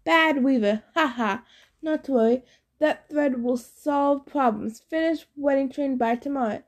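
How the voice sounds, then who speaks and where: A woman's voice: high-pitched, a little slow. A woman voicing a boastful, brutish male cyclops in an audiobook, talking in clipped broken phrases. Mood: gloating. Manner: clipped broken speech, gloating.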